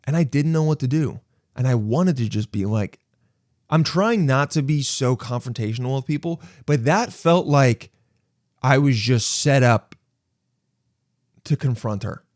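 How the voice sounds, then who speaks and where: A young man rambles through a solo podcast in a dry, close recording with no room sound. His pitch sits in the middle for a man. He mocks himself and slips into voices for imagined conversations. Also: measured pace, darkish tone, dry recording. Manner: rambling, self-mocking, acts out imagined dialogue. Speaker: podcast host.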